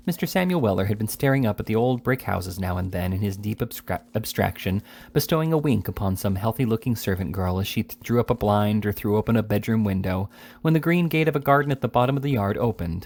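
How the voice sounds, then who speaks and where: A man reading a classic novel aloud, slightly halting and correcting slips as he goes. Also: lowish voice, darkish tone. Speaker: reader.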